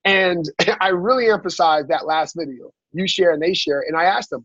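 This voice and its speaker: A man coaching his team in a motivational training talk, energetic and asking "right?" after every point. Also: high voice, moderate pace, no room sound. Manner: energetic, repeats "right?" often, acts out dialogue. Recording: dull lo-fi sound.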